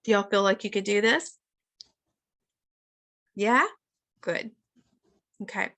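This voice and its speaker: A woman's voice: medium pitch, slow pace, a bit bright. A woman in her thirties leading a casual live wellness session over a video call, chatty and often addressing her listeners as guys.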